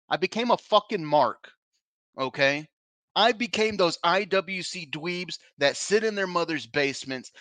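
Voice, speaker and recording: Fired-up man ranting, forceful voice. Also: a little high, dry recording. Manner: heated, profane and frustrated. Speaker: podcast host. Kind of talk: emotional wrestling rant.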